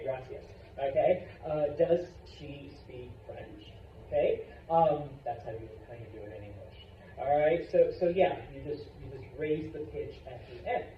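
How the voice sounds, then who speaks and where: A male Spanish teacher giving a classroom lesson, animated and constantly checking in with the students. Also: fairly high pitch, slight background noise. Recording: echoey classroom from far off, dull.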